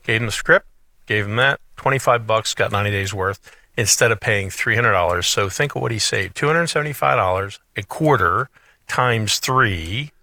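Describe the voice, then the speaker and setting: A middle-aged male radio host with a low, gravelly voice that has a bright, forceful edge. He rambles through animated stories, restarting his sentences often. The studio sound is dry and close. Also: moderate pace, dry recording. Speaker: radio show host, financial advisor. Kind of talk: casual radio chat.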